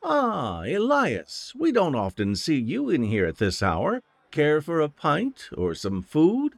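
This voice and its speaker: A flirtatious middle-aged tavern keeper woman, put on by a male narrator in a storybook reading. Her voice rides high and lively, full of sly teasing and a sultry edge. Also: takes it slowly, gravelly, no echo, full character voice.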